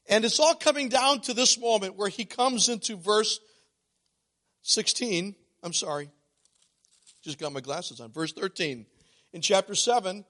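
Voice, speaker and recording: A middle-aged man with a high voice delivers a sermon from the pulpit of a church. He is animated and talks straight to the congregation, asking them questions. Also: moderate pace. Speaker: pastor. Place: church sanctuary.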